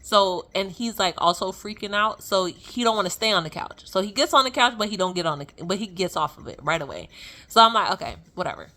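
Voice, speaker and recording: A young adult woman telling a personal story in a casual, animated way, full of fillers and laughing as she goes. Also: mid-range voice, a little fast. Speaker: vlogger sharing a testimony.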